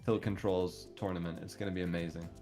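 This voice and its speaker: A man guesting on a gaming stream, chatting casually with animated, giggly reactions. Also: deep voice, fast, faint music behind. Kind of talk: casual chat while gaming.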